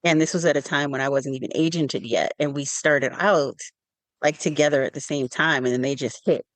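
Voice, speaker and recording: A writer hosts a casual podcast, speaking in a measured, deliberate way and steering where the conversation goes next. The voice sits close and dry, with no room echo. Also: medium pitch, steady tone.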